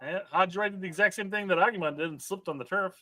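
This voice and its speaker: A man co-hosts a soccer watch-along, breaking down plays and reading viewer comments in a chatty way. His voice is high and bright. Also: fast talker. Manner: chatty, analyzes plays and reads chat comments aloud. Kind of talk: casual live match watch-along chat.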